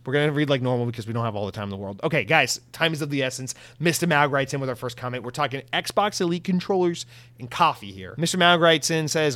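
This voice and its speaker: A man hosting a casual comedic podcast, talking in a sarcastic, profane, animated way. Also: medium pitch, fast talker, no echo. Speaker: podcast host.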